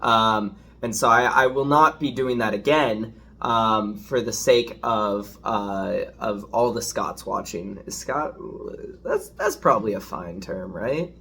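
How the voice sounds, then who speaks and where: A man's voice: on the low side, slow, gravelly, pushed and bright, a little hiss or hum. A man chatting casually as a food reviewer, rambling and hesitant, self-deprecating as he hunts for words, with a dishwasher running in the background. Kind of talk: casual home review vlog.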